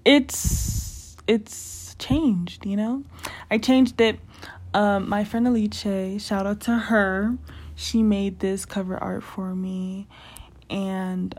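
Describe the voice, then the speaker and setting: Slow, chatty young woman podcast host. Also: mid-range voice, a little mellow. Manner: rambling, chatty, filler-heavy with frequent "like" and "um". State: slightly out of breath. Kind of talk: casual solo podcast chat.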